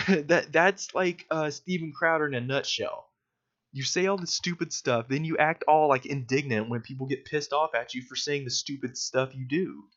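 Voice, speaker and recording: A man's voice: mid-range voice, normal speed, a bit bright. A young man giving casual, sarcastic video commentary, mocking his target with lots of fillers. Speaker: political commentator. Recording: dull lo-fi recording.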